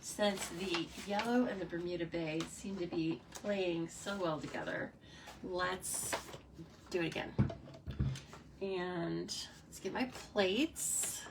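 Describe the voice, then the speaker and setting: A woman hosting a live card-making demo, chatting casually and excitedly with viewers as she works. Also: lowish voice, slow pace. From United States. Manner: chatty and bubbly, reacts to comments, frequent laughs. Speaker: stamping demonstrator hosting a live stream. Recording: somewhat distant mic with faint noise.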